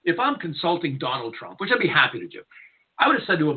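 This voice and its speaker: Blunt, animated man radio host. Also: a little high, quick pace. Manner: blunt, irreverent, rambling. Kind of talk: opinionated radio monologue. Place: radio studio. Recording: narrow tinny lo-fi audio.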